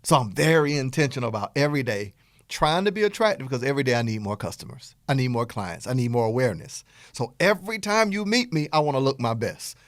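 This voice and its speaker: A man who is a business coach, giving an animated motivational teaching talk and acting out playful bits of dialogue. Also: medium pitch, no echo.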